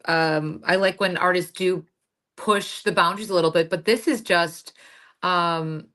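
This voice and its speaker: Bright-voiced chatty woman co-host. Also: lowish voice, steady tone, measured pace. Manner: chatty, lots of fillers and restarts. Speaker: podcast co-host. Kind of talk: casual chat.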